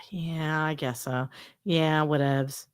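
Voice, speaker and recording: A woman co-hosting a casual podcast, talking in a chatty, animated way with lots of fillers. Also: low-pitched, drawn-out words, dry recording, clean studio sound. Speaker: podcast co-host. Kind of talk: casual chat.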